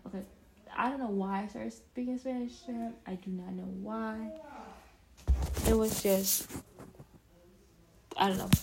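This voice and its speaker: A woman's voice: mid-range voice, a little mellow, a little hiss or hum, rough recording. A young woman vlogging casually, telling a self-deprecating story in a rambling, chatty way with many restarts.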